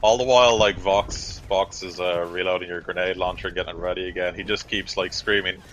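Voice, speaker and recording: A man's voice: low voice, steady tone, a little fast, fairly bright tone, a little hiss or hum, poor audio. A man narrating as game master of a tabletop game, describing the action in loose, filler-heavy talk.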